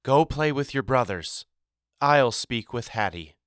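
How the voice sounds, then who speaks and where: A man reading the part of a grieving mother in an audiobook, speaking in a quiet, measured way that turns sharp when she gives orders. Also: mid-range voice, animated, dry recording, studio quality, voice pushed up. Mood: stern. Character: grieving adult mother, sorrowful and guarded.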